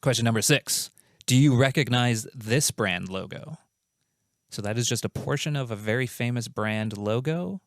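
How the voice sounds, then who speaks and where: A man's voice: medium pitch, moderate pace, dry recording, clean studio sound. A man hosting a comedic quiz show, reading out questions and answers in a playful, jokey, self-mocking way.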